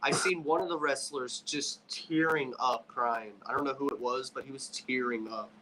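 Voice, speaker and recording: A man's voice: medium pitch, fairly even intonation, normal speed, a crowd in the background, low-quality recording. A man co-hosting a wrestling review podcast, talking in an emotional, rambling casual chat. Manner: emotional, rambling, restarts a lot. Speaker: wrestling show co-host.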